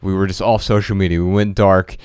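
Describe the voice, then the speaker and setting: A man's voice: sits low, little pitch movement, brisk, darkish tone, smooth, no room sound, studio quality. A man co-hosting a podcast in easygoing, jokey chat. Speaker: podcast co-host.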